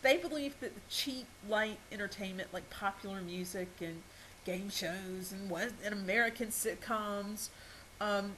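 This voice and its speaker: A woman's voice: mid-range voice, unhurried, sharp tone, a little hiss or hum, low-quality recording. A woman giving a recorded college lecture, hesitant, with many ums and restarts and small laughs at herself.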